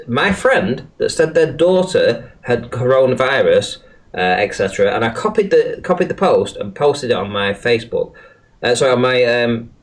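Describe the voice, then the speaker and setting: A man hosting a livestream in casual talk, exasperated and swearing a lot, restarting his sentences often while working at his computer. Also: mid-range voice. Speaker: livestream host.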